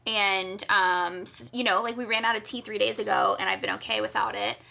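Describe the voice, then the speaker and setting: A woman co-hosting a podcast in relaxed chat. Her voice is bright and tense with a gravelly edge. She talks openly, peppering her sentences with "like.". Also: medium pitch, brisk. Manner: candid, filler-heavy, frequent "like". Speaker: podcast co-host. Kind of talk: casual conversational chat.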